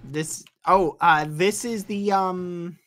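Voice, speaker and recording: A man giving a rambling tour during a game role-play. He talks haltingly with many fillers and breaks into high, shocked yelps when flustered. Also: a bit bright. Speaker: streamer showing his base. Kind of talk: casual role-play chat while gaming.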